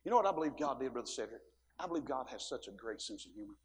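A man preaching a sermon in a church, folksy, swinging between soft asides and shouting. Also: medium pitch, big pitch swings, racing, big-room sound, slight background noise. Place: church sanctuary.

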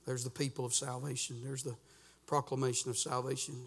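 A man preaching a sermon as pastor in a church, folksy and fervent, peppering his talk with "uh" and rising to shouts. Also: medium pitch, flat delivery, a little fast, vocal fry, husky, big-room sound. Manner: folksy preaching with frequent "uh" fillers. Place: church sanctuary.

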